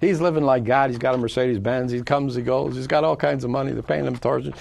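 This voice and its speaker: A man's voice: mid-range voice, fairly even intonation, quick pace, creaky, darkish tone. An older man, a guest in a conversational interview, talking bluntly and emphatically and acting out conversations. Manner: emphatic and blunt, acts out conversations, talks over the host.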